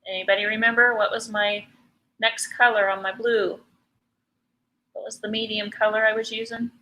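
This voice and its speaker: Bright-voiced woman teaching painting live. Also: fairly high pitch, level tone, normal speed, rough recording. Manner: chatty, teasing, laughs often. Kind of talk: live painting tutorial chat.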